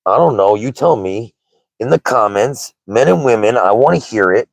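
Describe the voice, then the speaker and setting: A man's voice: mid-range voice, animated, moderate pace, gravelly, dry recording, poor audio. A man in his thirties hosting a casual livestream chat, candid and rambling, with lots of "like" and "right?". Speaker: livestream host.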